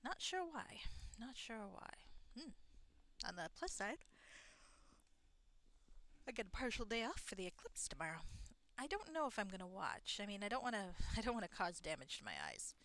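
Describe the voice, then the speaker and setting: A woman's voice: mid-range voice, big pitch swings, a little fast, fairly bright tone. Wry woman streaming a game. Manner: chatty, wry, thinks aloud. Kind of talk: casual let's-play commentary. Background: game music.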